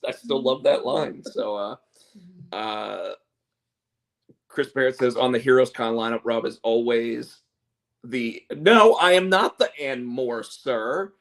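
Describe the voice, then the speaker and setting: A man's voice: medium pitch, measured pace. A man hosting a casual chat show, rambling and repeating words as he tells stories. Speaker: podcast host and comic artist.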